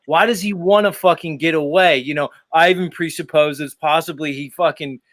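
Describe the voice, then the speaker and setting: A man's voice: fairly high pitch, a bit bright, dry recording. Laid-back, swearing male stream host. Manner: loose, swears freely, drawn-out asides. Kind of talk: casual live panel chat.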